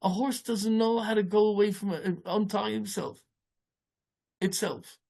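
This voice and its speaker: Gravelly husky-voiced rabbi preaching. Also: male voice, dark tone. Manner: halting, many restarts, peppered with Yiddish and Hebrew terms; storytelling, rising in pitch as the tale builds. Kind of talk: informal Torah talk.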